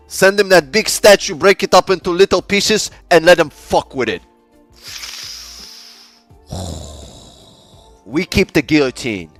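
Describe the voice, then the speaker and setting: Give me a man putting on a loud, overdone caricature of a scheming Frenchman, pitched way up. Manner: loud, exaggerated, mocking. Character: scheming, then panicky cartoonish Frenchman.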